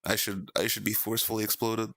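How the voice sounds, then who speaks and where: Animated, laughing young male streamer. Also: fairly low pitch, quick pace, no echo. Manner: animated, laughs often, playful. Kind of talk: casual chat with stream viewers. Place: VR chat stream at home.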